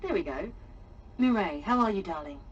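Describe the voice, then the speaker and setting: A woman's voice: medium pitch, animated, fairly quick, recorded from a distance, highs cut off, heavy background noise, natural voice. An actress playing a sly woman who mocks and needles her rival with theatrical sarcasm. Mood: taunting. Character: mocking, sly woman radio host.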